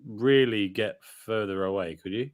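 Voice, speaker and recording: A man's voice: fairly low pitch, moderate pace. A man co-hosting a casual chat, making dry, teasing remarks and asking questions. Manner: wry, teasing, asks questions. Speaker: co-host.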